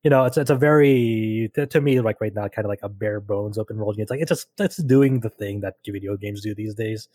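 A man co-hosting a podcast, speaking in a halting, casual way full of filler words and repeated words. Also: on the low side, a little mellow, no echo. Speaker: podcast co-host.

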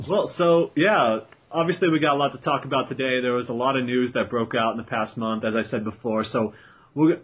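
A man's voice: mid-range voice, moderate pace, a bit bright, husky, low-quality recording. A man hosting a casual podcast chat, with a dry, sarcastic humor and R's that come out like W's. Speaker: podcast host.

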